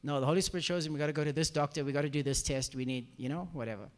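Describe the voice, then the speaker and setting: High-voiced pastor in an echoey hall. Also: male voice, racing. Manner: animated storyteller acting out quoted voices. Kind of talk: testimony sermon. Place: church hall before a congregation.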